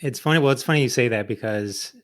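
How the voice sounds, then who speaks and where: A man's voice: medium pitch, fast talker. A middle-aged man hosting a podcast, chatting casually and laughing easily. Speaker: podcast host. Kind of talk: casual chat.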